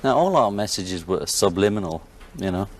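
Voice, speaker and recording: A man with a Liverpool accent talking as a guest in a television studio, his voice a little low in pitch. His manner is wry and joking, quick to laugh. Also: animated, a little hiss or hum. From England, Liverpool. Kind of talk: casual talk-show chat.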